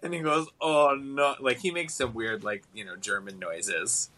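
A man co-hosting a casual podcast, talking in a rambling, animated way. His voice has a bright, forward tone. He often breaks into laughter as he recaps. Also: on the low side, normal speed. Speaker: podcast co-host. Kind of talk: casual chat recapping a TV episode.

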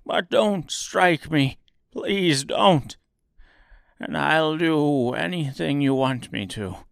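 A timid little old humbug wizard pleads in a trembling, meek voice, put on by a male narrator. The voice is raised and slow. The recording is dry and close. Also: on the high side, vocal fry, fairly bright tone, clear, resonant tone, no echo, pitched above the performer's own voice, full character voice.

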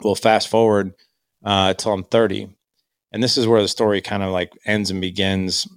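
Low gravelly guy in his 30s telling his own story, candid, dry close mic. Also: level tone, moderate pace, dry recording. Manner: candid, reflective, quotes himself and others. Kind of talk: personal storytelling.

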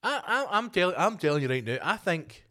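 A man hosting a solo podcast, ranting with heavy swearing and sarcasm, jumping between loud outbursts and low muttered asides. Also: sing-song, normal speed. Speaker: podcast host.

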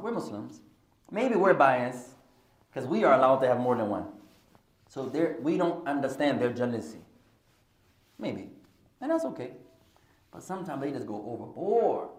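A man's voice: medium pitch, reverberant. A man teaching an Islamic studies class, switching between English and Arabic and joking with his students. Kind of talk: classroom lesson with humorous asides. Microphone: podcast recording of a class.

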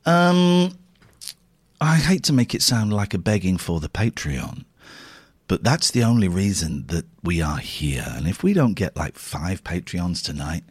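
Animated, rambling man on radio. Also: deep voice, unhurried, husky. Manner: rambling and jokey, swings from excited to muttering. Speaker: radio host. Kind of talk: casual live radio chat.

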